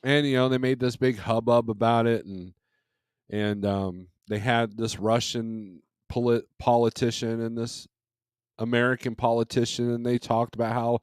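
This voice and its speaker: A man's voice: mid-range voice, little pitch movement, normal speed, clear, resonant tone, dry recording, studio quality. A man hosting a casual livestream from home, rambling in an easygoing way and chuckling often, speaking into a microphone. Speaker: livestream host. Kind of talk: casual live chat. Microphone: desk microphone.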